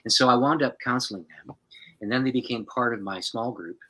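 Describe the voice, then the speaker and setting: A male pastor telling a personal story in a dramatic, expressive way, acting out the people in it. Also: mid-range voice, brisk, poor audio. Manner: dramatic, expressive storyteller who acts out the people in his stories.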